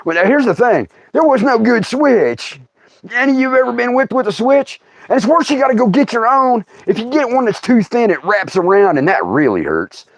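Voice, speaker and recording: A man's voice: very high voice, sing-song, normal speed, no room sound. A middle-aged man telling a comic family story, folksy and laughing often as he acts out his relatives. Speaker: storyteller host.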